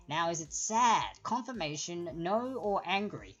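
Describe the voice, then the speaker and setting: A woman's voice: mid-range voice, animated, a little slow, hardly any pauses, fairly bright tone, faint music behind. An Australian woman hosting a live-streamed trivia quiz, chatty and explanatory as she reads out the answer options. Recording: dull lo-fi stream audio.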